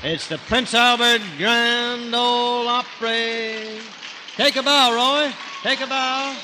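Slow folksy man announcing old radio. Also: very high voice. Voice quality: folksy, unhurried showman introductions. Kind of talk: 1940s radio show announcing. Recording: noisy 1940s radio broadcast.

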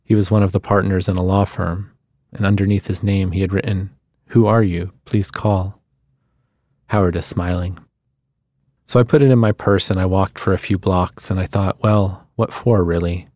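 A man reading a literary short story aloud in a measured storytelling manner, on a studio microphone. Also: sits low, steady tone, darkish tone, no echo. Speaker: guest reader.

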